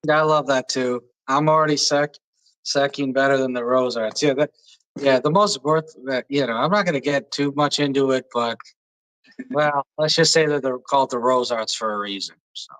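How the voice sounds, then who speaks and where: A man's voice: mid-range voice, normal speed, fairly bright tone, no echo, low-quality recording. A man hosting a casual talk show, joking around and reading viewer comments aloud, laughing often. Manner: jokey, laughs often, crude asides. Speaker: show host.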